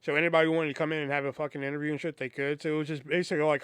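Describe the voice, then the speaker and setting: A man's voice: on the high side, little pitch movement, rapid-fire, hardly any pauses, a bit bright, clean tone, no room sound. A man hosting a podcast, telling a casual, profanity-laced story and acting out both sides of the conversations. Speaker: podcast host.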